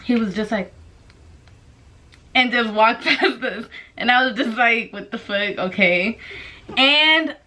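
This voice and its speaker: Young woman, casual vlog storytime, brash, profane, bright forceful voice, faint background hiss. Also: on the high side. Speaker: vlogger.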